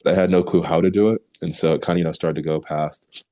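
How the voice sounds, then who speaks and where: A young man, a baseball pitcher guest, telling stories in a casual interview and acting out the lines of the people he quotes. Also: quick pace. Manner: animated storyteller who acts out quoted remarks, laughs easily.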